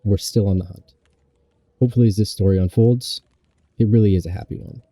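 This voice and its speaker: Low-voiced male host, mock-serious rambling newscaster with crude asides, dry recording. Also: steady tone, fairly quick, warm tone, dry recording. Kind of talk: comedic mock news commentary.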